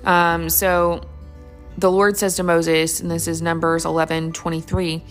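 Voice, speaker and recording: A woman's voice: fairly low pitch, level tone, unhurried, faint music behind. A woman teaching a casual Bible study, chatty and enthusiastic, thinking aloud as she goes through the passage.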